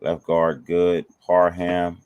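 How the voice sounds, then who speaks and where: A man's voice: sits low, little pitch movement, takes it slowly, a little mellow, clear, resonant tone, no echo, highs cut off. A man hosting a casual fan show, talking slangy and laid-back, thanking viewers and breaking down players. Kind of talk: casual sports chat.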